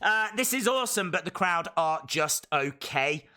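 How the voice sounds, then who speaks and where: Excitable man streaming reactions. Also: on the high side, normal speed, clear, resonant tone. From England. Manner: excitable, bursts into shouting. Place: outdoors in a field.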